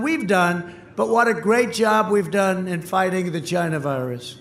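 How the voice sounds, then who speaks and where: A man giving a campaign rally speech in short, punchy, repeated phrases, sometimes breaking into shouts, recorded outdoors through an echoing PA. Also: high voice, measured pace, few pauses. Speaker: political speaker at a rally. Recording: echoey outdoor PA sound with crowd. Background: cheering crowd.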